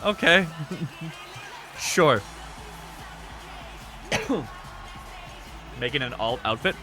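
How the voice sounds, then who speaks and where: A man in his thirties hosting a game stream, chatting casually and answering chat in a rambling, self-described monotone. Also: medium pitch, very slow, soft background music. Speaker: streamer hosting an e-fed wrestling show.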